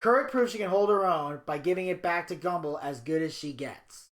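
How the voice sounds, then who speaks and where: A man co-hosting a podcast, reading a narration aloud and retelling scenes in a crude, animated way. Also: a little high, brisk. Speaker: podcast co-host. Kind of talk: casual podcast chat, reading a documentary narration. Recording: echoey room.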